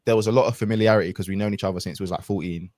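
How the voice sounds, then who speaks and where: A man speaks low and unhurried, working through a personal story with fillers and false starts. His voice is close and dry, with no room sound around it. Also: steady tone, darkish tone, dry recording. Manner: reflective, rambling with many fillers and restarts. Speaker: podcast guest. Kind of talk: casual storytelling chat.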